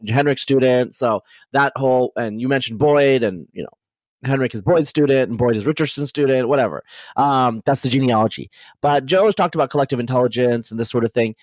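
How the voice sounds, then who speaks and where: A man hosting a podcast interview, talking in a rapid, animated way with many fillers and restarts. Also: mid-range voice, no echo. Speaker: podcast host. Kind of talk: casual conversational interview.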